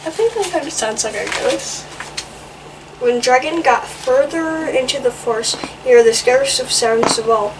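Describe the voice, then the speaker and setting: A woman's voice: high-pitched, normal speed, far from the mic, noisy background. A woman reading a children's picture book aloud in a playful way, adding little comments between pages.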